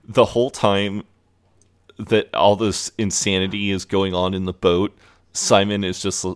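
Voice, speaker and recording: A man's voice: low-pitched, flat delivery, a little slow, clear, resonant tone. A man co-hosting a podcast, recapping a TV episode in a laid-back, amused way and swearing freely. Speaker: podcast co-host.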